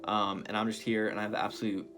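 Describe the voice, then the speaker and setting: A young man with a fairly low, even voice opens a tribute in an upbeat, friendly tone. Guitar music plays clearly underneath him. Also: quick pace. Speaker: college student giving a tribute. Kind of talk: recorded tribute.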